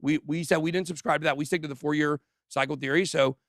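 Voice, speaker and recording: A man hosts a crypto livestream from a studio, giving casual commentary in an animated, joking way and talking straight to his viewers. His voice sits a little high with a gravelly edge. The sound is dry and close. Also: quick pace, few pauses, no room sound. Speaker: crypto channel host.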